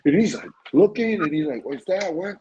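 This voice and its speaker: A man telling stories on a podcast as a guest in casual chat, lively and often asking "you know what I mean". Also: high-pitched, normal speed, dull audio, a little hiss or hum. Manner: animated, often acts out quoted voices.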